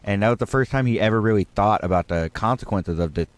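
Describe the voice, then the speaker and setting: A man in casual podcast chat, sharing trivia with lively laughs. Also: on the low side, fast, no room sound. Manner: animated, laughs while telling trivia. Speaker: guest.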